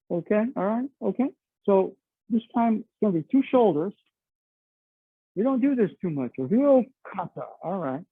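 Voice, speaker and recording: Chatty man teaching martial arts, gravelly. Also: high voice, lively intonation, normal speed, long pauses, no room sound. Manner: chatty, explains with frequent "you know" and "okay". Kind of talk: teaching a class on the mat. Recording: dry, tinny phone-like sound.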